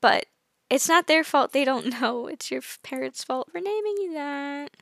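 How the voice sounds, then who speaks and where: A woman's voice: high-pitched, animated, moderate pace, gravelly, fairly bright tone, no room sound, clean studio sound. A young woman hosting her own podcast, chatting casually and self-consciously, acting out small dialogues as she talks. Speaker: podcast host. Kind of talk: casual solo podcast chat.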